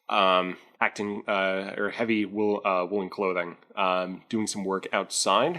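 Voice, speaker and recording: A man's voice: lowish voice, fairly bright tone. A man playing his character in a tabletop role-playing game, talking hesitantly with many fillers and restarts. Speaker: player.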